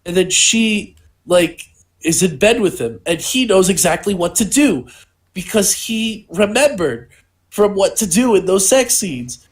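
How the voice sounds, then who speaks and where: A young man with a notably high-pitched voice rambles through a comic story on a casual podcast. He piles up "like" and "you know" as the bit keeps growing. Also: lively intonation, measured pace. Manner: rambling, absurd storytelling with lots of "like". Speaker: podcast co-host and stand-up comedian.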